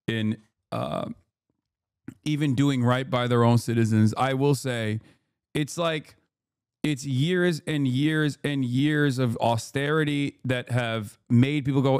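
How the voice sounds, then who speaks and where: Brief: male streamer, sarcastic, profane, rapid-fire, smooth, dry close mic. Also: mid-range voice, a little mellow, no echo. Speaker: streamer reacting to news clips. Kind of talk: casual commentary.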